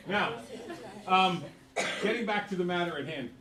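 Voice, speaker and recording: A middle-aged man teaching a math class, a joking and animated storyteller, recorded in a classroom from a camera at a distance. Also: sits high, normal speed, crowd noise. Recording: echoey room from far off, background noise.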